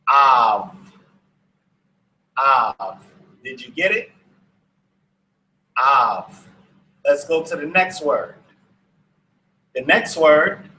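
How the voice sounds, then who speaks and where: Patiently repeating every word, a man teaches Hebrew slowly to his online students. His voice is a little high, bright, and forceful, heard in a roomy space on a low-quality recording.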